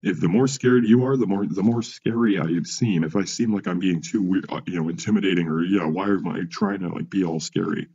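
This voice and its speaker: A man's voice: low-pitched, brisk, few pauses, dark tone, dull audio. A man ranting in a rambling, profane monologue, full of restarts and asides, as a vlogger.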